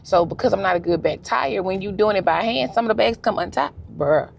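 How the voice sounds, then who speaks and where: A young woman vlogging while driving, telling stories in a relaxed, slangy way. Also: mid-range voice, a little fast, creaky, slight background noise. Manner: animated storytelling with slang and laughs. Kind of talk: casual vlog chat. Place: in a car.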